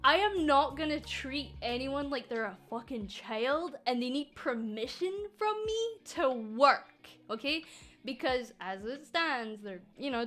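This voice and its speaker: A woman's voice: high-pitched, fairly bright tone. A woman from Scotland who runs a VTuber agency, talking casually and sarcastically to her viewers and swearing freely. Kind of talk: casual stream chat.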